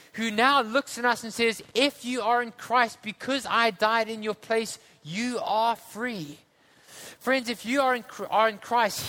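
A man's voice: extremely high pitch, sharp tone. A man from Africa, preaching a sermon with earnest storytelling and conversational asides. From South Africa.

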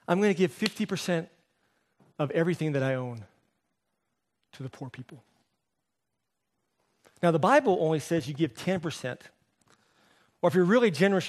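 A man preaching a sermon as pastor, telling the story with animated delivery and briefly voicing the people in it. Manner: drops to a soft, low voice for emphasis.

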